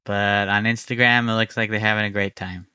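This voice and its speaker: A man from Arizona co-hosting a podcast, chatting casually with a dry, deadpan humor. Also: lowish voice, fairly quick, clean tone, no echo. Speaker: podcast co-host. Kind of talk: casual chat.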